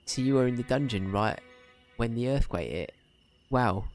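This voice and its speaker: A brash, teasing adventurer with a put-on Cockney accent, played live for a game by a man reading the lines aloud. The voice sits high and loud for him, jaunty and friendly, with a hint of a faint music bed underneath. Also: moderate pace, close to an everyday voice. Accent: put-on Cockney, slipping toward Australian. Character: cheerful seasoned adventurer, blunt and friendly.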